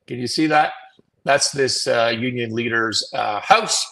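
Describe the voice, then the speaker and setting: Male solo host of a live business show: opinionated, wry, quick to chuckle at his own jabs. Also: medium pitch, creaky, fairly bright tone, poor audio. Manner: mocking emphatic read-outs of quoted rants.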